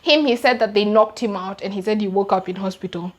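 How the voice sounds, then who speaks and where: A young Kenyan woman with a Kenyan English accent recounting a true-crime case in an animated, slangy, emphatic way. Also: mid-range voice, brisk. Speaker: YouTuber. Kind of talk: true-crime storytime vlog.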